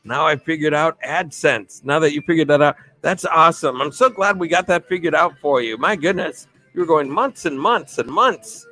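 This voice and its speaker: A man hosting a casual live stream, a bit tipsy, rambling cheerfully through shout-outs to his viewers, with music playing faintly behind. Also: on the high side, expressive, moderate pace, few pauses. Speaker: livestream host.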